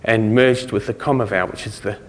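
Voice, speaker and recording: This conference speaker, a New Zealander, has a fairly low voice with fairly even intonation and talks a little fast. He rambles loosely through the talk with many fillers, restarts and laughing asides, recorded in a lecture hall with long reverb.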